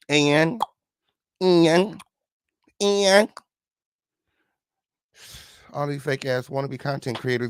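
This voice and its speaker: A man hosting a casual livestream, greeting viewers with flamboyant, sing-song shout-outs and sassy, profane chatter. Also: on the high side, no room sound, clean studio sound. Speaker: livestream host.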